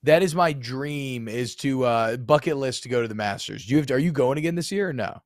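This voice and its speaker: A man's voice: medium pitch, fairly quick, no echo, clean studio sound. A young man co-hosting a podcast, chatting casually in a loose, joking way and swearing freely. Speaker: podcast co-host. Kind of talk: casual chat.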